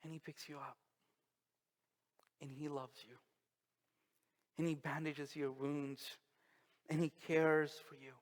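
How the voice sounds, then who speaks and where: Slow, emphatic preaching man in a reverberant church. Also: on the high side, flat delivery. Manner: slow, emphatic preaching with dramatic pauses and sudden soft drops. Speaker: pastor. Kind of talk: sermon. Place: church sanctuary. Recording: long reverb of a church hall.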